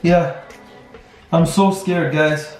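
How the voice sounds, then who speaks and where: A woman's voice: low voice, fairly even intonation, very slow, a little mellow. A woman vlogger chatting and squealing in a bathroom, laughing a lot and repeatedly saying she is scared. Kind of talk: excited casual vlog chat. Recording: echoey bathroom with faint music.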